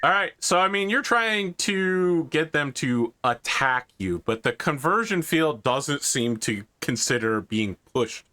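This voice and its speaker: A man's voice: fairly high pitch, animated, bright, forceful tone. A man narrating as game master of a tabletop role-playing game, casual and wry. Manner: casual, wry, jumps into quick character voices.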